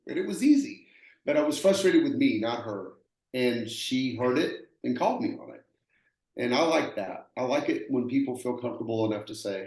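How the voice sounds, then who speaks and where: A man with a Texan accent, a roofing contractor, tells stories conversationally in an earnest, plainspoken way and often repeats himself. His medium-pitched voice is animated, a little mellow and slightly fast, recorded in an echoey room.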